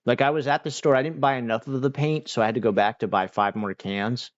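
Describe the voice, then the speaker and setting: On a dull, lo-fi recording, a male livestream host chats casually with viewers, full of slang and filler words. He talks fast in a steady, medium-pitched voice.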